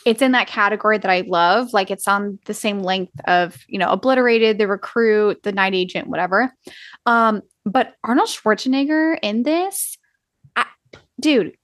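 A woman's voice: mid-range voice, a bit bright, no room sound, studio quality. Blunt, chatty woman co-host. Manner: blunt, swears freely, lots of "like". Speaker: podcast co-host. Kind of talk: casual chat.

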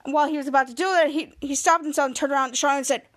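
A woman's voice: sits high, steady tone, racing, a bit bright. A woman hosting a podcast, retelling a TV episode scene by scene and quoting the characters in a casual way. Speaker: podcast host.

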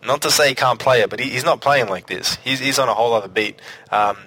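A man's voice: mid-range voice, fast, pushed and bright, slightly rough, rough recording. A man hosting a casual music review chat, enthusiastic and full of restarts. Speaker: podcast host.

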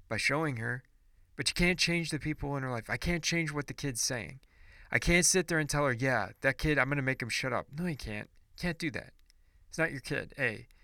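A man's voice: on the high side, bright, forceful tone, no room sound, clean studio sound. A man ranting in a casual monologue podcast, blunt and profane, preachy and rambling with restarts.

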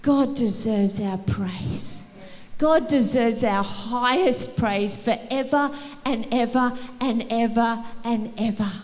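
A woman preaching an energetic sermon in a church, rallying the congregation and calling for responses. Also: fairly high pitch, takes it slowly, in a large hall. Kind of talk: sermon to a church youth service. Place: church hall.

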